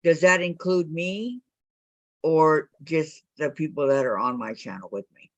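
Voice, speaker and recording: A woman's voice: low voice, measured pace, dry recording. An older woman hosting a quilting live stream on a video call, chatting casually, teasing her guests and reading viewer comments aloud.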